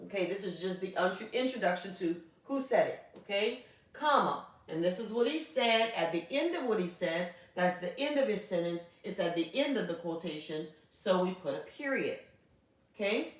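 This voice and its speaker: A woman's voice: mid-range voice, animated, normal speed. A woman teacher giving a grammar lesson, explaining patiently and often checking in with "okay?". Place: classroom. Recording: very echoey room, voice from far off.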